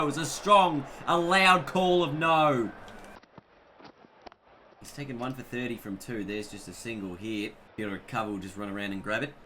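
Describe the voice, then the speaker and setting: Bright-voiced man commentating gameplay. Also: on the high side, a little hiss or hum. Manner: chatty, self-mocking, jokey asides. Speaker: gaming YouTuber.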